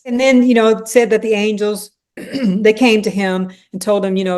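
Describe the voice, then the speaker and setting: A woman leading a conversational Bible study, animated and acting out the dialogue, with frequent "you know" asides. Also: medium pitch, normal speed.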